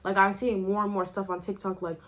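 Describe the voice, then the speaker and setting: A young woman rants casually into her camera, rambling and restarting her sentences as she goes. Her voice sits at an ordinary middle pitch, lively and full of fillers, with laughs breaking in between phrases. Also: a little fast. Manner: animated, rambling, many "like" fillers and self-interruptions. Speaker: vlogger.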